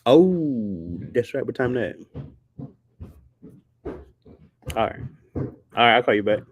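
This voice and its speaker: A man's voice: mid-range voice, very animated, slow, slightly rough. A man chatting casually on a livestream, slangy and rambling, laughing often. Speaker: streamer.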